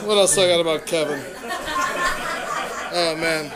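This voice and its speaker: A man's voice: fairly high pitch, a little slow, long pauses, fairly bright tone, some chatter behind. A man emceeing a live comedy roast on stage, firing punchy one-liners with sarcastic asides and bringing up the next roaster. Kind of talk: live stand-up roast hosting. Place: stage before a live audience.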